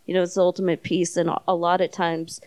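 A woman's voice: on the low side, level tone, quick pace, a little mellow, dry recording. A woman hosting a podcast in casual chat, telling stories with lots of fillers and restarts. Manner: rambling storyteller with many fillers. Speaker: podcast host.

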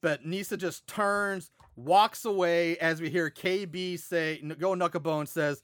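A man co-hosting a casual horror movie podcast, retelling the plot in an animated, profane way. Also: fairly high pitch, measured pace, few pauses, dry recording, clean studio sound. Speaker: podcast co-host. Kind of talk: casual movie recap chat.

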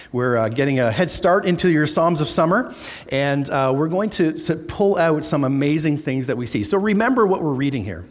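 Male Baptist preacher, somewhat high voice, conversational sermon with scripture reading, long hall reverb. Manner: conversational, reads scripture aloud with emphasis. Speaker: pastor.

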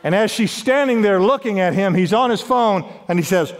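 High-voiced preaching man in a reverberant hall. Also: lively intonation, moderate pace. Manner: emphatic preaching with wide swings in pitch and volume. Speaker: pastor. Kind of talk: sermon. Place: large church sanctuary.

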